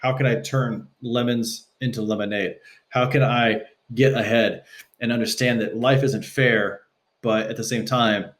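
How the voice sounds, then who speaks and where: Animated man telling stories on a podcast. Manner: animated, acts out quotes with shifting pitch. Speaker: podcast guest. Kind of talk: casual conversational storytelling. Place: Los Angeles.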